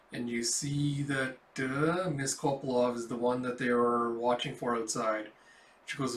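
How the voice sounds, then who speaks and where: Casual comic readthrough by a mid-pitched man, lots of fillers, roomy echo. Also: level tone, moderate pace, fairly bright tone, far from the mic. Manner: describes panels aloud with frequent fillers. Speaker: comic book reader. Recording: echoey room.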